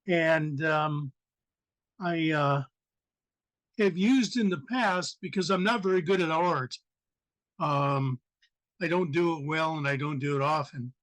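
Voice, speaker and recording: A man from the American Midwest with a raspy voice, reading his poem at an online open mic over a video call, halting with many fillers. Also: a little high, fairly bright tone, no room sound.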